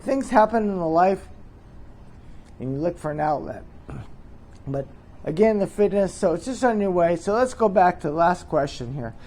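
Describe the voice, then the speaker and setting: A man's voice: high-pitched, lively intonation, normal speed, pauses often, a little mellow. A middle-aged man hosts a joking mock interview, rambling and teasing with chuckling asides. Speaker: host.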